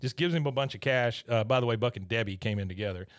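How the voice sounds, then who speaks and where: A man hosting a podcast, retelling a show in casual chat, animated and laughing often, on a close mic. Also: medium pitch, quick pace, no echo. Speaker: podcast host.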